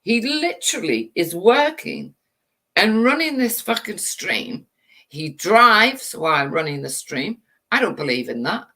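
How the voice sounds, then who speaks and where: Animated, bright-voiced English woman ranting. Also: medium pitch, unhurried. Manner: angry, swearing, rhetorical questions. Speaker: channel host. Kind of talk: livestream rant.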